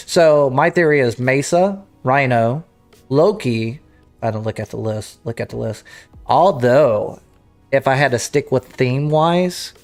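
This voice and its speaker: Rambling livestream host, man. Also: mid-range voice. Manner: rambling, self-interrupting, clears throat. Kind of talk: casual livestream chat.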